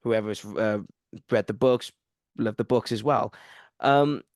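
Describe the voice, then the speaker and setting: Brief: male host, lowish voice, hesitant questioner, dead-dry recording. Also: dry recording. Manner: halting, with many fillers and restarts. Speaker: podcast host. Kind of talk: interview question.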